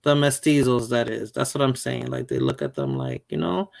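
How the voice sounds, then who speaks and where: A man's voice: mid-range voice, fairly quick, vocal fry, hardly any pauses, no echo. A man from the northeastern US chatting casually, mixing Spanish into his English as he tells stories. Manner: animated storyteller, mixes Spanish and English. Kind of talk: casual chat.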